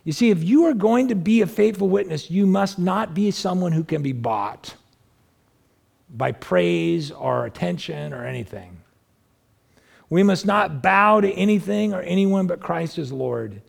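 A male pastor delivers a sermon with a strongly gravelly, creaky voice pitched a little high for a man. He talks to the congregation conversationally, throws out rhetorical questions and climbs higher in pitch when he stresses a point. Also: expressive, a little slow, a little mellow.

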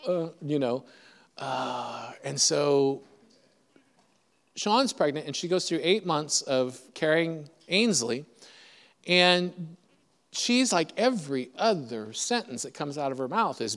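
A man's voice: on the high side, very animated, a little slow, fairly bright tone. A middle-aged man preaching in a chatty, self-deprecating, humorous storytelling style. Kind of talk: storytelling sermon. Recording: echoey hall reverb.

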